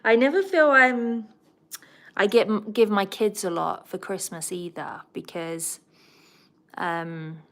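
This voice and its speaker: A woman's voice: lowish voice, a bit bright. A middle-aged woman from England with a southern English accent, hosting a casual livestream and chatting as she answers viewer comments. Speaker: host of a pet livestream.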